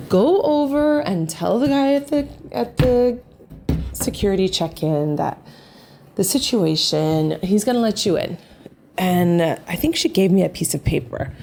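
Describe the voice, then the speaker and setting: Woman vlogger, unhurried and warm, animated and chatty, tells a story to camera. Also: mid-range voice, gravelly. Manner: animated, rambling, many fillers. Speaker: family vlogger.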